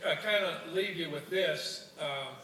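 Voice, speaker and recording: A man's voice: fairly high pitch, measured pace, bright, forceful tone. An older man from Ohio, a former coach, giving a folksy luncheon speech with jokes and stories, often repeating words as he restarts. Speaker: guest speaker, former coach. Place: university student union luncheon hall. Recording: roomy hall, distant mic, faint room noise.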